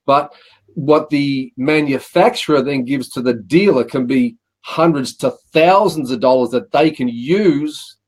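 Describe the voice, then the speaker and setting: A man's voice: mid-range voice, a little slow, breathy edge. A middle-aged Australian man, a guest telling rambling anecdotes about his work and acting out what people said. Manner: rambling anecdotes with acted-out quotes and repeated "he says". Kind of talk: casual interview storytelling.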